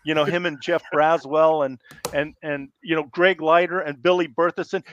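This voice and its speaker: A middle-aged man from Iowa, a podcast guest telling rambling, animated stories in a casual interview, often restarting sentences. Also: fairly high pitch, moderate pace, no echo. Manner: rambling, animated, acts out coaches yelling. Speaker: podcast guest, former college football player. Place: live podcast studio. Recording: slightly muffled dry sound.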